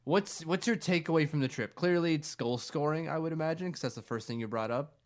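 A man's voice: fairly high pitch, fairly quick. Rambling, jokey man in casual sports chat. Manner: rambling, jokey, does silly voices. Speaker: podcast co-host.

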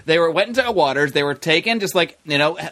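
A man hosting a casual political podcast, talking in an animated, mocking way and slipping into quick impressions. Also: a little high. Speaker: podcast host.

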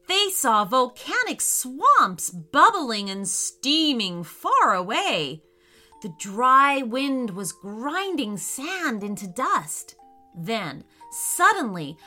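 A woman narrating a children's story in a slow, expressive way. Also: a little high.

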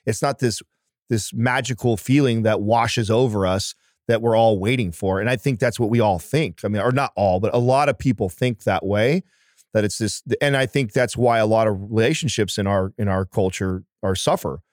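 A man's voice: on the low side, moderate pace, a little mellow, no room sound. Earnest man talking close and dry. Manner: earnest and emphatic, swears casually. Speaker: podcast guest. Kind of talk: casual conversation.

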